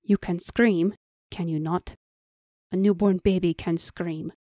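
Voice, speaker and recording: A woman's voice: on the low side, fairly even intonation, slow, mellow, dry recording, clean studio sound. A woman voicing a stern, formal male elf who gives clipped, serious orders in an audiobook. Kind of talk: audiobook character voice.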